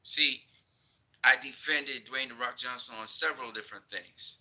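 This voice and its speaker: A man's voice: mid-range voice, moderate pace, pushed and bright, low-quality recording. A man ranting in a casual video commentary, heated and emphatic, repeating his points. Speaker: vlogger.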